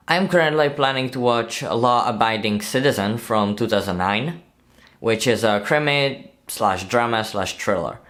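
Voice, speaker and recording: A man's voice: medium pitch, a bit bright. A man narrating a movie breakdown video in a casual, chatty way, often asking viewers to comment and laughing at his own slips.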